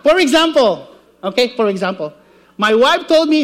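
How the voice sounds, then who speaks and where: Very high-voiced animated male preacher. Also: moderate pace. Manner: animated, jokey, checks in with "okay?" and "right?". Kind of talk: church teaching with slides.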